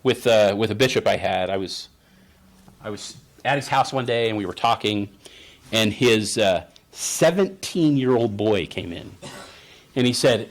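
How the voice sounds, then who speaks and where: A man's voice: mid-range voice, lively intonation, moderate pace. A man, a therapist, giving a conference presentation in a conversational storytelling way and often checking in with the audience. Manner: storytelling, acts out parent and child voices; conversational, asks the audience "right?".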